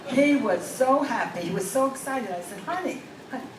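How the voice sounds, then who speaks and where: A woman's voice: fairly high pitch, expressive, normal speed. An older woman doing stand-up comedy, telling stories with punchlines to a live audience. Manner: storytelling with punchlines. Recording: echoey and distant, with crowd noise.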